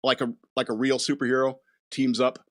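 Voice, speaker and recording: A man's voice: mid-range voice, flat delivery, fairly quick, fairly bright tone. A man hosting a casual chat show, rambling from thought to thought with chuckles in between. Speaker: podcast host.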